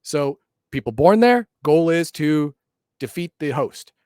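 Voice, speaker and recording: A man's voice: on the high side, lively intonation, unhurried, darkish tone, clear, resonant tone, no room sound, studio quality. A man co-hosting a casual chat, explaining tabletop game lore in a loose, hedging way. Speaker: podcast co-host.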